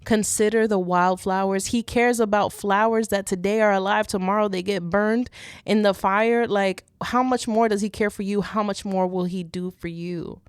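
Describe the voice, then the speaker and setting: Young woman doing a faith podcast, earnest, lots of "like" and "right?", smooth voice, dead dry close mic. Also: mid-range voice, fairly even intonation, normal speed, no echo. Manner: earnest, repeats and restarts, frequent "like" and "right?". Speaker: podcast host. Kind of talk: faith talk podcast, casual.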